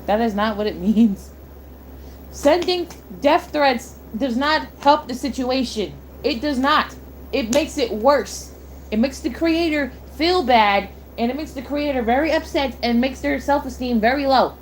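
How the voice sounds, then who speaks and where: A woman's voice: high-pitched, a little slow, a little hiss or hum. A young woman streamer ranting, heated and blunt, swearing and repeating herself. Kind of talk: angry rant on a live stream.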